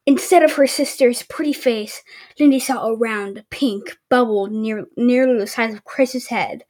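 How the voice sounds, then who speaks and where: A woman's voice: fairly high pitch, unhurried, darkish tone. A woman hosting a casual home podcast, reading a book aloud with stumbles and sarcastic asides. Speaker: podcast host.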